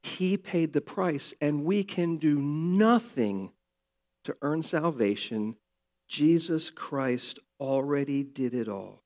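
Older man, pastor, sermon, slow deliberate delivery, slightly high voice, earnest, emphatic. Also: lively intonation. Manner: earnest preaching, rising to emphatic loudness.

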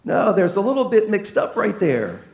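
Pastor guy preaching, high voice, echoey church, goes loud then real quiet. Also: huge pitch swings, moderate pace, gravelly. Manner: folksy, emphatic preaching with big swings from loud to hushed. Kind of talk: sermon. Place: church sanctuary. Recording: echoey room.

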